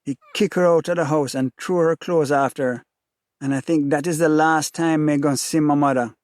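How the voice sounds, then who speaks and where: A man with a Jamaican accent reads in a rhythmic, repeating cadence with a somewhat high voice. The sound is close and dry, with no room to speak of. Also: fairly even intonation, moderate pace, darkish tone, no room sound. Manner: rhythmic, repetitive, intense. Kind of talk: dramatic reading of a novel in first person.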